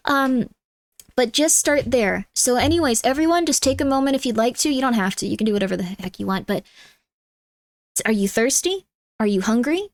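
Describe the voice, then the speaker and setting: A woman's voice: on the high side, dry recording. Chatty woman streamer, dry close mic. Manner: chatty, advice-giving, rambling with fillers. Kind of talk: casual chat to a live audience.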